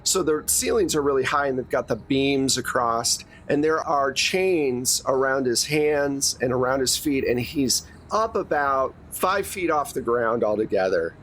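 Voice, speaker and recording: A man's voice: mid-range voice, animated, measured pace, few pauses, a bit bright, slight background noise. A man narrating a tabletop game as game master in a casual, profane way.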